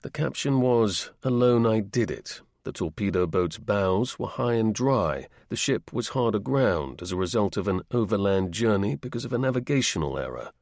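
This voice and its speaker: A man reading a history audiobook in a measured, steady narrating voice. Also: fairly low pitch, no echo, clean studio sound. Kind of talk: scripted narration.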